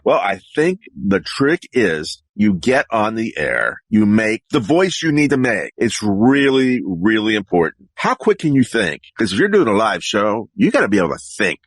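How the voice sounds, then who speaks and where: A man practicing character voices on his own, talking in a rambling, animated way. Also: lowish voice, normal speed, few pauses, no echo.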